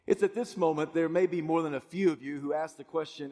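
Impassioned male pastor, husky, echoing hall. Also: a little high, fast, hardly any pauses. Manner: impassioned, swings from loud pleading to hushed tones. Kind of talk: sermon. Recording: long reverb of a large hall.

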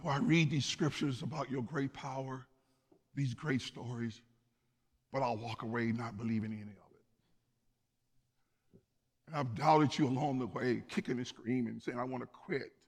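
A man's voice: mid-range voice, moderate pace, long pauses, darkish tone, breathy edge. Impassioned man preaching in a reverberant hall. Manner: impassioned, building to emphatic peaks. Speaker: pastor. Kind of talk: sermon.

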